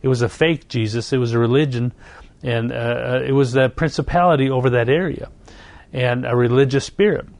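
A man's voice: mid-range voice, fairly even intonation, brisk, darkish tone, no echo. A man preaching a sermon, reading scripture and telling a personal story in an earnest, repetitive way. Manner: earnest storytelling, repeats phrases, occasional self-corrections.

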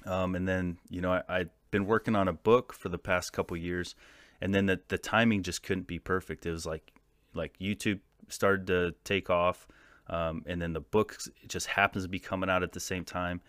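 A man from the United States in his thirties tells stories as a podcast guest. He swears freely and gets animated, laughing as he goes. His voice sits low and the sound is dry and close. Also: normal speed, no echo. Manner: profane, animated anecdote-telling with laughs. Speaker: podcast guest, former soldier. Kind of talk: casual storytelling.

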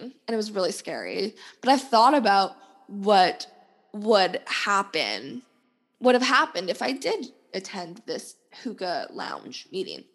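A young woman in her twenties hosts her podcast, worn out and rambling through a personal story. She fills her sentences with fillers and swears casually, speaking at an ordinary pitch for a woman. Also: long reverb tail. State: exhausted. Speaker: podcast host.

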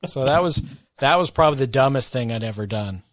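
A man's voice: mid-range voice, animated, brisk, dry recording. A man co-hosting a podcast in casual chat, with a wry, teasing manner. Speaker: podcast co-host.

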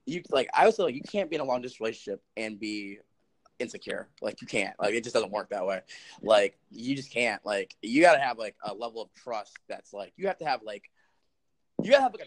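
A man in his twenties co-hosting a podcast, rambling and joking, filling his talk with "like". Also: mid-range voice. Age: 20s. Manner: rambling, lots of "like", jokey, laughs often. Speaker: podcast co-host. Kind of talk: casual podcast chat.

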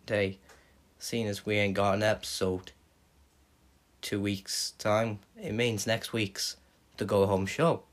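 A man hosting a podcast, recapping fantasy wrestling bookings with animated play-by-play. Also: lowish voice. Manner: hums entrance themes, animated play-by-play. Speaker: podcast host.

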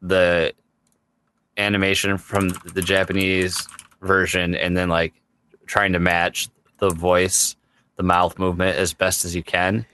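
Low-voiced joking man. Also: little pitch movement, unhurried, pushed and bright, slight background noise. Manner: wry, joking asides, drops low when griping. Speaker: podcast co-host. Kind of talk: casual chat.

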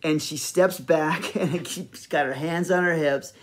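A man's voice: a little high, measured pace. Rambling man telling a personal story. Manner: animated, rambling, many fillers. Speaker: podcast host.

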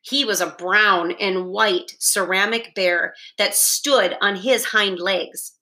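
Slow, bright-voiced woman reading aloud. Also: medium pitch. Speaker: reader. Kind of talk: reading a children's novel aloud.

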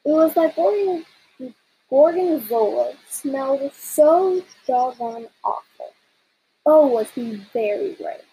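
A woman's voice: sits high, slight background noise, low-quality recording. Woman reading a picture book aloud. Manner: expressive storytelling, soft and slow in places. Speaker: story reader.

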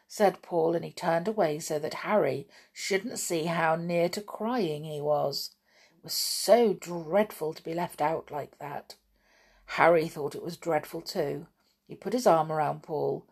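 A woman reading a children's story aloud, gently and expressively. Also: sits low, a little slow, slightly rough.

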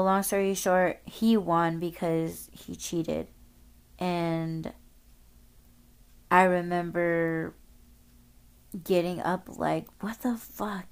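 A woman's voice: on the low side, vocal fry. A woman podcast host telling a story casually, rambling, swearing often and using lots of filler words.

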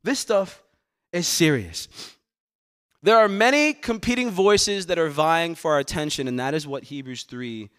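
A man's voice: on the high side, lively intonation, moderate pace, hardly any pauses, fairly bright tone, clear, resonant tone. A man as pastor delivering a sermon, earnest, repeating words as he presses his points. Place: church sanctuary.

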